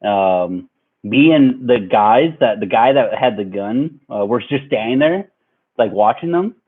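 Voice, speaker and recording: A man's voice: mid-range voice, lively intonation, a little slow, breathy edge, phone-quality sound. Young guy rambling through a story with lots of ums, medium voice, sounds like over a phone. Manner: rambling, laughing storyteller with many fillers. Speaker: vlogger. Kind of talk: storytime vlog.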